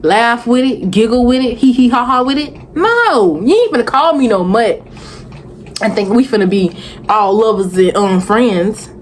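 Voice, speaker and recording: Young woman vlogger, animated and sassy casual recap, light hiss behind. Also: on the high side, normal speed, rough recording. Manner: animated, sassy, talks back at the screen with rhetorical questions. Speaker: vlogger reviewing a reality show.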